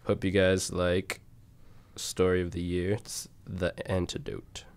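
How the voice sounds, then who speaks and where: A man's voice: low-pitched, monotone, takes it slowly, smooth, dry recording. A young man co-hosting a casual college radio show, rambling through stats and song intros with frequent fillers and laughs.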